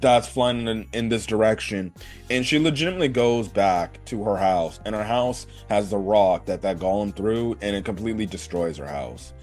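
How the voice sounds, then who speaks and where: A man's voice: fairly low pitch, expressive, moderate pace, few pauses, darkish tone, soft background music. A man casually recapping an anime episode, rambling with lots of fillers and cursing. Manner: rambling, swears, many fillers like "like" and "right". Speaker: anime reviewer.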